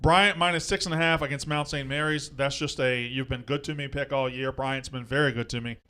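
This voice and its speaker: A man's voice: medium pitch, fairly even intonation, bright, forceful tone, smooth. Joking man rattling off betting picks. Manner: brisk, joking, runs through picks. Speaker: sports betting show host. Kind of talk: casual sports betting chat.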